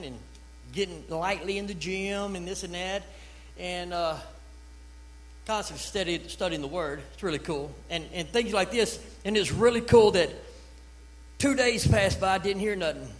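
A man, an evangelist telling his testimony in a church revival sermon, building from storytelling to shouted praise. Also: high-pitched, a little hiss or hum, rough recording.

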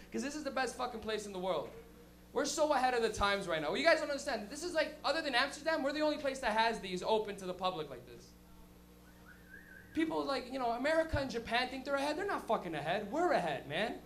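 A man's voice: very high voice, big pitch swings, fast, fairly bright tone, a little hiss or hum. A man hosting a stand-up comedy night, talking loosely and profanely and laughing between lines. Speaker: comedy show host. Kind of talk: stand-up emcee banter. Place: comedy lounge stage.

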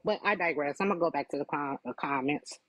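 A man giving casual commentary on his live stream, measured and digressive. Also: a little high, fairly bright tone, dry recording.

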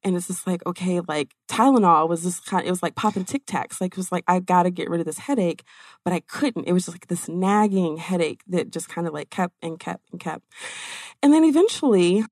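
A woman business coach telling her story in an interview, in a chatty, animated way with many fillers. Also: on the low side, fairly quick, no echo, studio quality.

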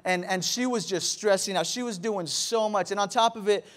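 A man's voice: high-pitched, moderate pace, a bit bright. A man in his thirties preaching as a pastor, telling stories animatedly with frequent repetitions. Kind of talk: sermon.

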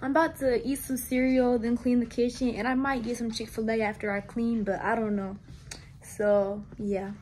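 A woman's voice: a little high, flat delivery, moderate pace, darkish tone, a little hiss or hum. Chatty teen girl vlogging on phone. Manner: slangy, chatty, addresses viewers as y'all. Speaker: student vlogger. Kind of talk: casual vlog chat to camera.

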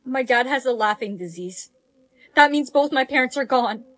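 A woman's voice: high-pitched, lively intonation, normal speed, a bit bright, dry recording. A young woman acting in comedy skits with an earnest, plaintive delivery. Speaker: skit creator.

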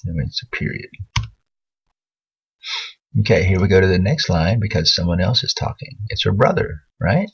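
A man's voice: low voice, big pitch swings, normal speed, long pauses, husky, lo-fi sound. A man teaching a writing lesson over a screen recording, patiently correcting a student's work as he thinks aloud.

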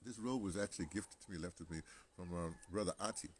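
Deep-voiced American man rambling casually. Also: fast, a little hiss or hum. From United States. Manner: chatty, digressive, many restarts and asides. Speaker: vlogger.

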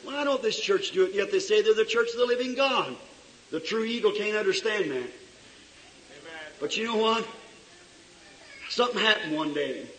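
A male preacher delivering a fiery revival sermon in a church, swinging between shouts and low asides. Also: lively intonation, moderate pace, long pauses. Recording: echoey hall recorded from far off.

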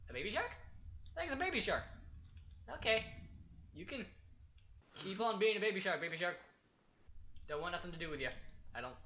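A young man casually commenting as he plays a survival game, chatty and excitable, talking to himself and the objects in it. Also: sits high, a little hiss or hum. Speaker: gaming YouTuber. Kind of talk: casual let's-play commentary.

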